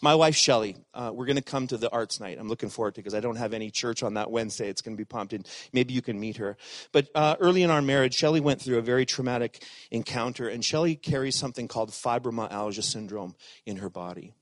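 A middle-aged man preaching a sermon as pastor, animated, swinging from loud emphatic lines to hushed asides. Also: mid-range voice, fast, no room sound.

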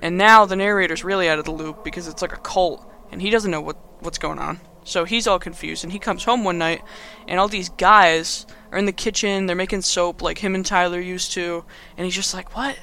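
Bright high-voiced young man rambling. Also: fairly even intonation, brisk, hardly any pauses, a little hiss or hum. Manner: rambling, slangy, lots of fillers and chuckles. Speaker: video host. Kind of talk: casual movie recap.

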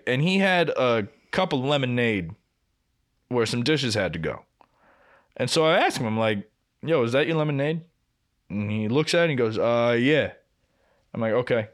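A young man co-hosting a podcast, casually telling a long work story, swearing often and acting out both sides of quoted arguments. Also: medium pitch. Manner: profane, animated, acts out quoted exchanges. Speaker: podcast co-host.

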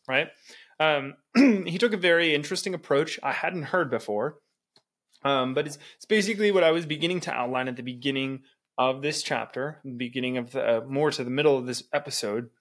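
A man's voice: medium pitch, a bit bright. A man co-hosting a podcast, reading book passages aloud and commenting on them emphatically, often asking "right?" and laughing between points. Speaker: podcast co-host.

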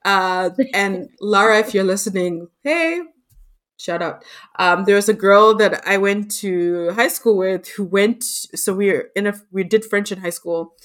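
A woman hosts a relaxed podcast conversation, her speech chatty and full of fillers. Her pitch sits in a middle range, and her voice is expressive. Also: unhurried. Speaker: podcast host. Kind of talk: casual conversation.

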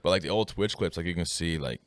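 A man's voice: sits low, fast. A man from Newfoundland, Canada, with a Newfoundland accent, chatting as a podcast guest in a rambling way with many fillers and restarts. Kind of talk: casual podcast chat.

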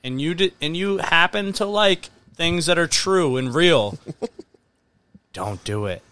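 Guy with a kinda high voice going off, lots of swearing, laid-back chat. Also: animated, slow, sharp tone. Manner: ranting, profane, emphatic. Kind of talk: casual chat.

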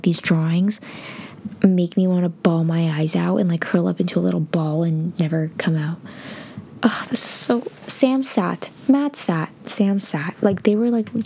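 A woman's voice: lowish voice, dark tone. An eighteen-year-old woman, a native Spanish speaker, rambling chattily as she tells stories from her childhood to her viewers. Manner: rambling, chatty, frequent "like" and "oh my God". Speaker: vlogger. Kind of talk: casual storytelling to camera.

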